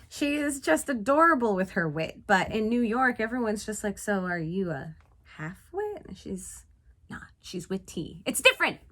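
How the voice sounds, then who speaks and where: Animated woman recapping a film. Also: fairly high pitch. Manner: animated, playful, sarcastic asides. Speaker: vlog host reviewing a film. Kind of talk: casual movie recap.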